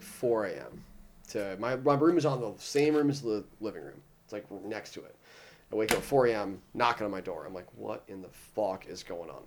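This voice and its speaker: A young man in his twenties, a podcast host, telling a rambling, swear-filled story and putting on animated voices for the people in it. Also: on the low side, slight background noise. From Ohio. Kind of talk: casual storytelling.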